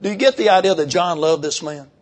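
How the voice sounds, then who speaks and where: An older man preaching a sermon, folksy and emphatic, slowing down when he reads scripture. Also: high-pitched.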